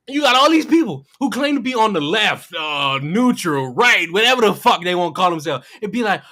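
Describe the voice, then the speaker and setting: Bright, animated profane livestream ranter. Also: mid-range voice, brisk. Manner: profane, mocking, rhetorical questions; mimics people in silly voices. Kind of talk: heated livestream commentary rant.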